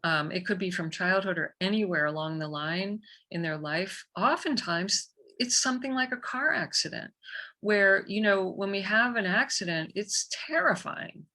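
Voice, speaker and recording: A woman guest on a podcast, an energy healer telling a story in a lively, conversational way. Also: medium pitch, normal speed. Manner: animated, vivid storyteller.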